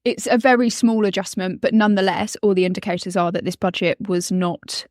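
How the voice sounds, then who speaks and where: A woman, a finance director co-hosting a business podcast, explaining things in a measured way with dry humour. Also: mid-range voice, fairly even intonation, a little mellow, dry recording. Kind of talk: casual business podcast chat.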